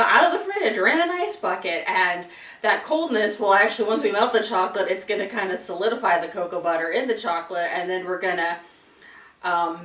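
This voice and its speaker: A woman's voice: mid-range voice, fairly bright tone. A woman hosting a casual tasting video, chatting while she chews and laughing often. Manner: chatty, talks while chewing, frequent laughs. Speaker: wine and chocolate tasting host. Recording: roomy sound from some distance.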